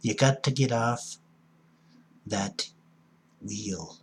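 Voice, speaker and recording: A man's voice: on the low side, very slow, a little hiss or hum. A middle-aged man giving a blunt, folksy recovery talk as an addiction counselor, preachy and punching certain words hard. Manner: blunt, folksy, preachy with sudden loud emphasis.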